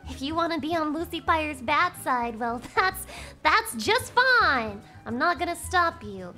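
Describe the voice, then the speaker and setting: Woman streamer, high and bright, loud, swearing, excitable, strained cracking voice, faint music underneath. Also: moderate pace. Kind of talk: casual chat with a live audience.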